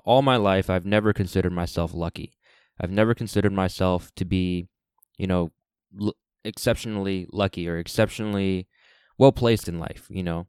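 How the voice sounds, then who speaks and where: A man hosting his own podcast, talking unscripted and reflective, halting with restarts and fillers as he thinks aloud. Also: low-pitched, darkish tone, clean tone, no room sound, studio quality. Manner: reflective and earnest. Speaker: podcast host. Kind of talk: unscripted solo podcast monologue.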